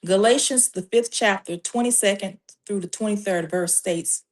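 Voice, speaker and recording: A woman with a medium-pitched voice gives faith-based parenting guidance as a Christian life coach. She is measured and emphatic, walking through numbered steps backed by scripture.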